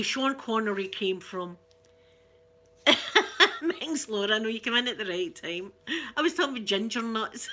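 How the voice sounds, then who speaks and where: Scottish woman, bright clear voice, chatty and giggly, live-stream host talking to viewers. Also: mid-range voice. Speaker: ASMR channel host. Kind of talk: casual live-stream chat.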